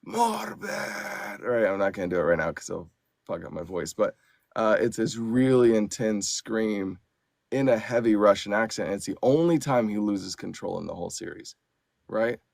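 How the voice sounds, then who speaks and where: A man with a low voice full of gravelly fry talks in a relaxed interview. He explains things at length, stacking up fillers as he goes. The sound is dry and close, with no room to it. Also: moderate pace, no echo. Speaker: audiobook narrator and actor. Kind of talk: casual interview chat.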